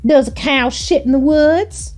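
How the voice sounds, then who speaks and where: A woman's voice: high voice, unhurried, a little mellow, faint music behind. A woman VTuber playing a visual novel and commenting in a theatrical, teasing, prim manner. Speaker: VTuber game streamer.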